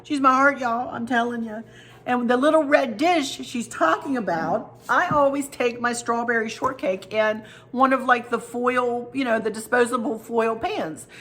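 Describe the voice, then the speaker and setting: Her voice sits a little high, with a fairly bright tone and a normal pace. She's a home decor vlogger at her kitchen table, casually showing gifts, chatting, sharing stories and talking right to the people watching.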